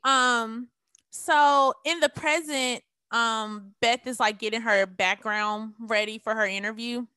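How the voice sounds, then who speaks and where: A woman casually recapping a TV episode, animated and acting out the characters' lines as she tells it. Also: on the high side, slow pace, clean tone, no room sound. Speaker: TV recap podcast co-host.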